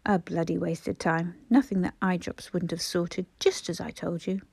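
A woman's voice: fairly low pitch, fairly even intonation, moderate pace, creaky, husky, dry recording. Woman voicing a rude grizzled old grump. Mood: scornful. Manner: loud, scornful, grumbling. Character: grumpy grizzled older man, blunt and rude.

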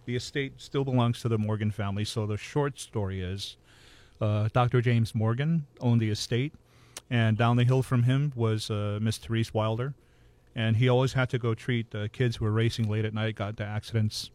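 A man telling local ghost stories in a relaxed, measured way, matter-of-fact about the details. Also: lowish voice. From Hawaii. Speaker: ghost storyteller guest. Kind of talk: casual ghost storytelling.

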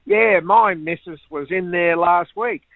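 A man's voice: high-pitched, measured pace, dry recording, pitched above the performer's own voice. An Australian man quoting a cheeky male cricketer teasing a royal, in a slightly raised voice. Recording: tinny phone-like line, dry.

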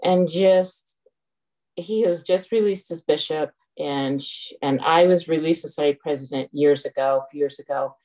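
A woman's voice: deep voice, normal speed, dark tone, poor audio. A middle-aged woman telling a frank, exasperated personal story to a group. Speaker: group member sharing. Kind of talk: casual personal sharing.

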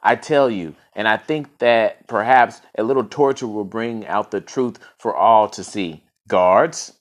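A man's voice: on the low side, unhurried, natural voice. A man doing a suspicious, accusing king. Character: suspicious, blustering foreign male king.

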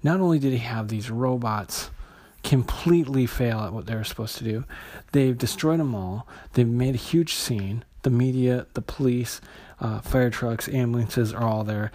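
A man's voice: medium pitch, normal speed, mellow. A man casually retelling and reviewing a comic book issue, hesitant, with many fillers and restarts.

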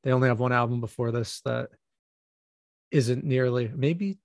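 A podcast co-host on a music show rambles casually, full of fillers and restarts. His mid-range voice is gravelly, fry-laden and darkish at a moderate pace, recorded close and dry with no echo.

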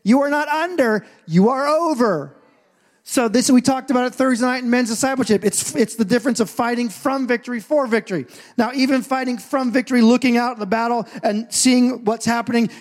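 Preaching as a pastor, this man speaks at a very high pitch. He narrates stories and performs little scenes, moving from hushed side remarks to booming emphasis.

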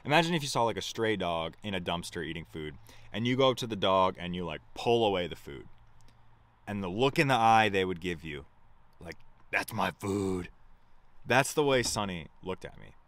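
A man's voice: sits low, lively intonation, brisk, a bit bright, no room sound. A young man telling a road-trip story in a loose, rambling way, swearing often and laughing at himself. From United States. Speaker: vlogger. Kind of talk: casual storytelling to camera.

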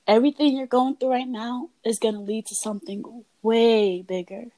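Young woman guest on a podcast, soft and thoughtful, repeats lines to drive a point home. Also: a little high, fairly even intonation, moderate pace, low-quality recording. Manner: soft-spoken, reflective, repeats phrases for emphasis. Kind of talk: candid personal conversation.

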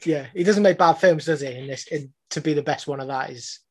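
A man in casual film chat with friends, talking very fast with a husky edge. His voice sits a little higher than most men's. He is enthusiastic and often restarts or repeats phrases. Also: a little mellow. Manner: quick, enthusiastic, repeats himself. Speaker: podcast co-host.

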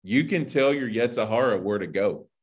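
A man's voice: on the low side, moderate pace. Chatty, conversational male preacher. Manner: conversational, full of "like" and "you know". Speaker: Bible teacher. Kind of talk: informal sermon.

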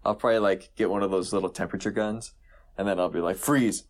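A man's voice: deep voice, fairly even intonation, fast talker. A young man co-hosting a casual podcast, laid-back and joking, with a lot of filler words. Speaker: podcast co-host. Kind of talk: casual chat.

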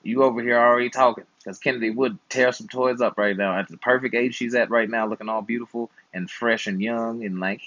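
Young uncle type, playful and slangy, husky voice, dry close sound. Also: male voice, medium pitch, fairly even intonation, a little fast, few pauses, a bit bright, dry recording, dull audio. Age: 20s. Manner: playful, slangy, teasing advice. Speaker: uncle and channel host. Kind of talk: casual chat while gaming.

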